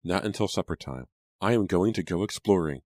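An eager, daring little village girl, as a man reading a storybook lifts his very deep voice to play her. She talks in a dry, close recording. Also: expressive, a little fast, darkish tone, no room sound.

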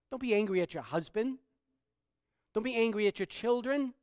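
A man pastor preaching a sermon, swinging from quiet stretches to loud, emphatic preaching. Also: sits high, animated, moderate pace, pauses often, no echo, studio quality.

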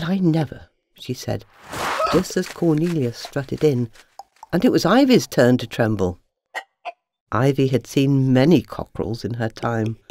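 A woman narrating a children's storybook with a lively, expressive reading. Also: extremely low pitch, noisy background. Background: soft music.

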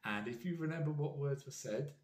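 A man's voice: a little high, a little fast, darkish tone. Earnest British man, echoey room. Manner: earnest, rambling, with frequent restarts. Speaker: fan vlogger. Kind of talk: heartfelt fan message. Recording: roomy echo.

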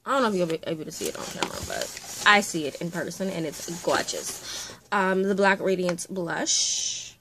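A young woman, a makeup artist, chatting through a casual unboxing vlog, gushing and often dropping into breathy whispered exclamations. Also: fairly low pitch, big pitch swings, moderate pace, a bit bright, a little hiss or hum.

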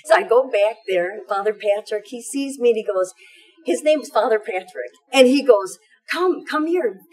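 A woman's voice: mid-range voice, moderate pace, darkish tone, poor audio. A middle-aged woman giving an emotional personal testimony about her faith, telling it in a fervent, tumbling way full of fillers.

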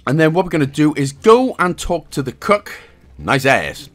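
A Welsh man hosts a gaming guide, walking through a game step by step and dropping in jokey, chuckling asides between instructions. His voice is fairly high in pitch and very animated, delivered at a normal speed.

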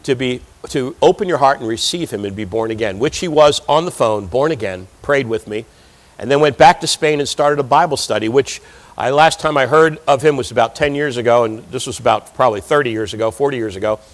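A man's voice: medium pitch, brisk. A man preaching a sermon, who reads scripture aloud and then explains it with rising emphasis. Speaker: pastor. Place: church sanctuary.

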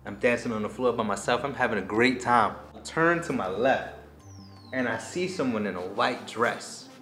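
Animated man telling a personal story. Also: mid-range voice, moderate pace, soft background music. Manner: animated, acts out his own past lines and reactions. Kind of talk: casual storytelling to camera.

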